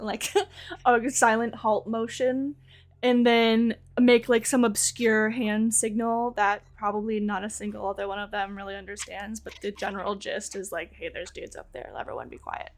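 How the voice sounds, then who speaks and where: A woman playing a tabletop game online, describing her character's actions in a lively, animated way. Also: on the high side. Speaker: player. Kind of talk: casual tabletop play.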